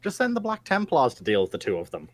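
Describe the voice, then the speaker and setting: Quick, animated man calling tactics. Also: medium pitch. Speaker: player giving tactical calls. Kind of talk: casual game chat.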